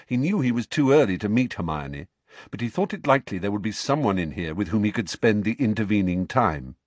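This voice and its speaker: A man narrating a novel aloud with expressive storytelling. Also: lowish voice, fairly quick, no room sound. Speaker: audiobook narrator. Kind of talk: scripted narration.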